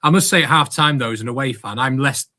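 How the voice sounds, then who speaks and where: A man's voice: mid-range voice, sharp tone. A man co-hosting a casual football podcast, giving a chatty match review as an away fan. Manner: fast, chatty match analysis. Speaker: podcast co-host.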